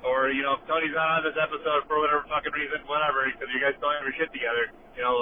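A man's voice: on the high side, flat delivery, rapid-fire. Brash swearing man on a tinny phone. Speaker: caller leaving a voice message. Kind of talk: profane comic rant. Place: driving in a car. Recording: tinny phone line with car noise.

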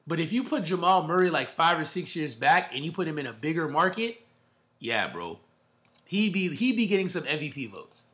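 A man's voice: fairly high pitch, very animated, moderate pace, a bit bright. A man hosting casual sports talk, emphatic and slangy, often calling people bro.

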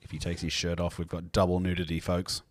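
A man's voice: low-pitched, monotone, quick pace, a little hiss or hum. Joking man hosting a video call. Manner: joking, swearing, laughing often. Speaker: host. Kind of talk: casual chat on a video call.

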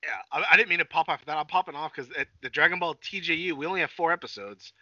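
Bright-voiced man, crude podcast banter. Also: fairly high pitch, fast, no echo. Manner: profane, joking, trails off and restarts. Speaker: podcast co-host. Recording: dull lo-fi dry sound.

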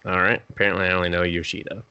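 A young man co-hosting a casual podcast, swearing freely and acting out quotes in a higher voice. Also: flat delivery, racing, clean tone, muffled recording. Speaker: podcast co-host. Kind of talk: casual chat.

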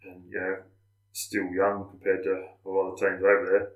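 A man's voice: low voice, a little fast, echoey room. A man with an Australian accent, chatting casually as a guest on a podcast and telling stories with swearing and acted-out voices. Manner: animated storyteller, acts out quoted voices, swears freely. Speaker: barbecue competitor, guest.

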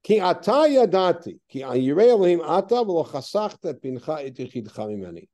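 A man leading a text study class, reading Hebrew verses aloud and then explaining them with lively, questioning remarks. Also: a little high, fairly quick. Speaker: teacher.

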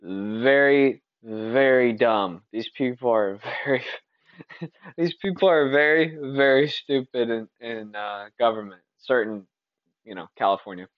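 A man's voice: medium pitch, unhurried, dry recording, dull audio. A man from Texas hosting a casual solo podcast, talking in an opinionated, rambling way with frequent restarts. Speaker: podcast host.

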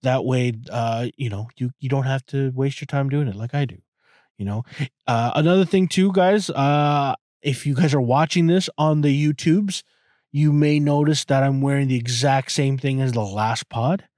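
A man's voice: medium pitch, normal speed, a little mellow, no echo, studio quality. A man hosting his own podcast, talking casually and rambling, often repeating words and swearing as he goes. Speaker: podcast host. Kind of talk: casual solo podcast talk. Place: inside a parked car.

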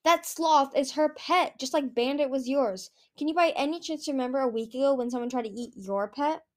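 Wry chatty young guy dragon, teasing, voiced by a woman, higher pitch. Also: normal speed, lightly acted. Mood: earnest.

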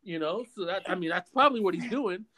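A man hosting a podcast, telling a long story in a casual, animated way with many stammers and restarts. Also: high voice, fast. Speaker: podcast host.

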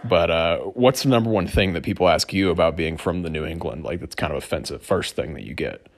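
A man's voice: deep voice, a little fast. A man from Alabama leaving a rambling, wry voicemail for a podcast. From Alabama, USA. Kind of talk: casual voicemail message.

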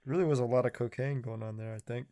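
A man's voice: mid-range voice, fairly even intonation, quick pace, mellow, no room sound, clean studio sound. A young man in casual, teasing podcast chat with a friend.

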